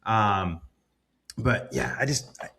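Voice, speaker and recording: Male co-host, slightly low voice, animated and jokey, casual sports banter. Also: slow pace, gravelly, slightly rough. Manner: animated, jokey, bold opinions. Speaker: podcast co-host.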